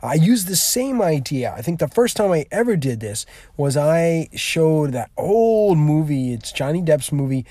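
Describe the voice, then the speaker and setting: A man's voice: a little high, very animated, measured pace, dark tone, dry recording. A male teacher explaining a classroom activity in a rambling way, with many fillers and restarts.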